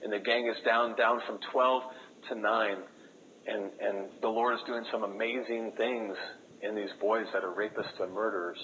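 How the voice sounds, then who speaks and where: A man speaking as a missionary, telling a story to an audience in an earnest way, with lots of halting restarts. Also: on the low side, fairly even intonation, a bit bright, lo-fi sound, a little hiss or hum. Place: room with a live audience.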